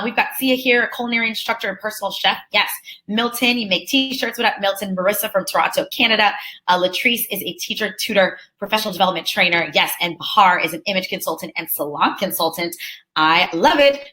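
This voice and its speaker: A woman's voice: medium pitch, sharp tone. A young woman from Southern California with a Californian accent, hosting a live webinar and greeting attendees by name in an upbeat, chatty way. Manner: upbeat, chatty, reads names aloud with quick enthusiastic reactions. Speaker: webinar host.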